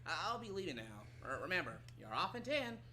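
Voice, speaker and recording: A man's voice: high-pitched, big pitch swings, fast. Casting: man as an awkward coworker who stammers, recorded with noticeable room noise. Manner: stammering, hesitant. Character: awkward, hesitant male office coworker. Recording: noisy room ambience.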